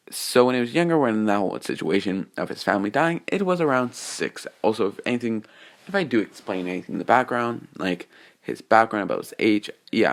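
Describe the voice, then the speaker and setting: A man's voice: on the low side, creaky. A man casually retelling a fan-made story, meandering and full of restarts and filler.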